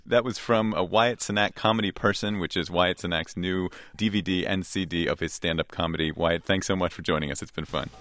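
Very deep-voiced male radio host. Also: steady tone, fairly bright tone. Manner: measured, easily amused. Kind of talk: public radio interview. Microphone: studio mic.

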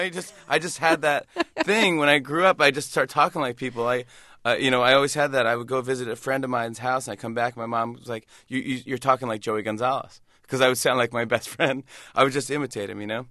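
A man in his forties with a bright, forceful voice tells a story in a casual interview. He is animated and keeps slipping into quick impressions of other people. The sound is dry and close. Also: mid-range voice, no echo. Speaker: talk show host and impressionist.

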